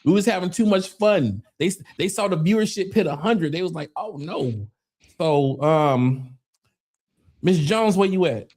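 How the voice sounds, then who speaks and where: A man's voice: high-pitched, expressive, unhurried, a little mellow. Chatty man hosting a podcast. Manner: loose, talks over others, repeats himself. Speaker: podcast host. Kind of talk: casual chat.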